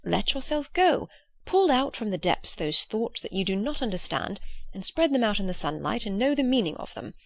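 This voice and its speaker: A woman voicing an earnest, gentle old man who talks in a pleading, philosophical way. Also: medium pitch, big pitch swings, moderate pace, creaky, no room sound.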